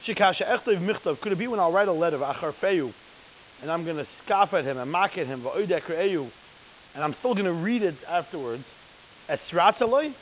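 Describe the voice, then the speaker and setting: A high-voiced Torah teacher leads a text study class, reading Hebrew lines aloud, then translating and explaining each in plain, chatty talk. He often pauses to pose rhetorical questions to the class. The audio is thin and phone-like, with a faint hiss underneath.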